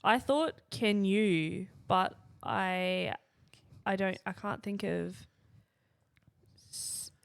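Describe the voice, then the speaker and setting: A woman's voice: mid-range voice, extremely slow, gravelly, long pauses, clear, resonant tone, no room sound. A woman playing a podcast word game, hesitant and laughing as she thinks her guesses aloud. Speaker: game contestant. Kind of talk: casual podcast banter.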